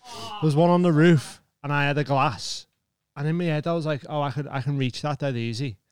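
A man's voice: on the high side, steady tone, brisk. A man on a comedy podcast, rambling through an anecdote and acting out his own reactions. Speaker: podcast co-host. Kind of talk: casual comedy chat.

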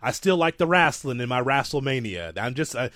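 A man chatting casually as a podcast co-host, his voice sitting at an ordinary middle pitch. He rambles, restarts and jumps to animated asides. The sound is dry and close, with no room around it. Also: brisk, no echo. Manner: rambling, self-deprecating, animated. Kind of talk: casual wrestling chat.

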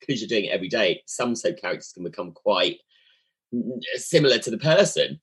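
Husky, fast-talking male podcast host. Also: lowish voice, animated, rough recording. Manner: enthusiastic, effusive interviewer. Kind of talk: casual interview chat.

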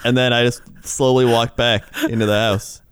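A man's voice: medium pitch, little pitch movement, moderate pace, clear, resonant tone, no echo, clean studio sound. A man co-hosting a casual comedy talk show, reading odd news stories aloud and laughing often.

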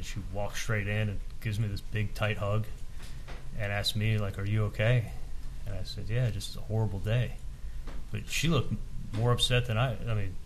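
A man's voice: on the low side, slight background noise. A man testifying in court, retelling a conversation with frequent stumbles and restarts. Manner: halting, recounts dialogue with many restarts.

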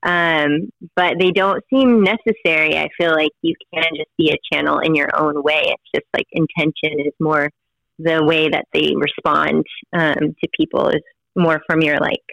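A podcast host in casual chat, relaxed and hesitant, pausing often while thinking aloud. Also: medium pitch, creaky, dry recording, rough recording. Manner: relaxed, hesitant with many "um" pauses.

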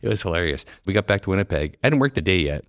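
A man's voice: sits low, very animated, rapid-fire, dry recording, studio quality. A middle-aged Canadian man with a Canadian accent, an orthodontist guest telling rambling stories in a casual podcast chat. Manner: rambling, laughs at his own stories. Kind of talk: casual storytelling. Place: podcast recording.

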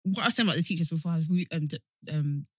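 A woman's voice: sits low, very fast, background noise. A young woman with an Essex accent, co-hosting a casual podcast chat and telling stories. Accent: Essex English. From Essex, England. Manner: lively storyteller, acts out quoted people. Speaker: podcast co-host.

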